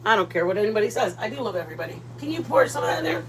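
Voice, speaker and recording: A woman hosting a casual cooking livestream from her home kitchen, chatty and playful, greeting viewers by name with loud excited bursts. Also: medium pitch, rapid-fire, a crowd in the background, low-quality recording.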